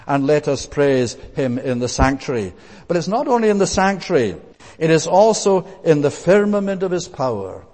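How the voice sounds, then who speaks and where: A man preaches a sermon with an earnest, emphatic delivery and leans on repeated phrases. His voice sits a little higher than most men's. The sound carries a long reverb, as if recorded in a church hall. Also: a little mellow.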